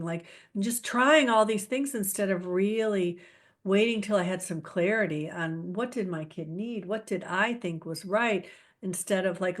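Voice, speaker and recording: A middle-aged woman hosting a casual chat, telling animated stories with laughs and teasing asides. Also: mid-range voice. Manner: playful, animated storytelling with laughs. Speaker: podcast host.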